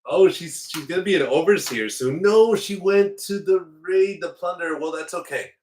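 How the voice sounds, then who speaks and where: A man's voice: high voice, moderate pace, a little mellow, distant mic, slight background noise. A man hosting a strategy game playthrough in casual commentary, slipping into playful mock outrage as his ruler. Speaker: let's play host. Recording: roomy echo, away from the mic.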